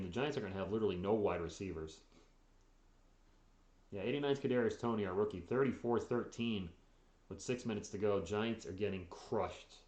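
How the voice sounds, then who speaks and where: A man hosts a casual live sports stream in a rather low voice, sounding tired. He chats loosely about the games and reads out viewers' comments. The room around him is echoey. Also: a little mellow. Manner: chatty, reacts to games and reads chat aloud. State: tired, yawning.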